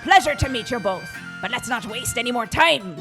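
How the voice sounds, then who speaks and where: Woman doing a male bard with a put-on brogue, bouncy lively pitch, fairly high, faint music behind. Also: moderate pace. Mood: breezy. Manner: attempted Scottish-style brogue. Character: cheerful male bard guide, scrappy.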